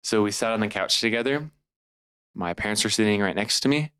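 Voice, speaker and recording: Earnest young man with a deep voice. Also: a little fast, fairly bright tone, smooth, dry recording. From California, USA. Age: 20s. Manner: earnest and heartfelt, laughs at himself. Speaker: podcast guest. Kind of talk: personal storytelling.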